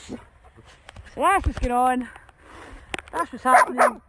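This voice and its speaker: High-voiced woman walking dogs. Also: sing-song, takes it slowly, heavy background noise. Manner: chatty and self-mocking, laughs often. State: run down with a cold. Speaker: dog walker vlogger. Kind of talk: casual outdoor vlog chat. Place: open field outdoors in cold rain.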